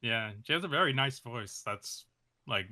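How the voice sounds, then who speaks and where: A man talking casually about his animation projects in an interview, hesitant with many fillers and soft laughs. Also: mid-range voice, lively intonation, moderate pace. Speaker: animation creator, interview guest.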